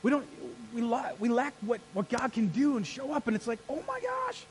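Male pastor, higher voice, lively sermon delivery that pulls the room into call-and-response, faint hum behind. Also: a little fast, poor audio. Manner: energetic, rallies the congregation with call-and-response. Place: church sanctuary.

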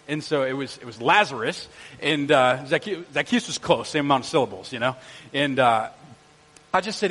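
A middle-aged male pastor preaching a lively sermon in a church auditorium, quizzing and joking with the congregation. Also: on the high side, brisk, slightly rough. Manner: energetic, jokey, quizzes the congregation. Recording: long church hall reverb.

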